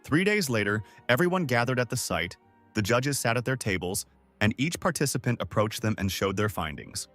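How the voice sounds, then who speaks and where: Male recap narrator, lively scripted storytelling, mid pitch, animated. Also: moderate pace, faint music behind.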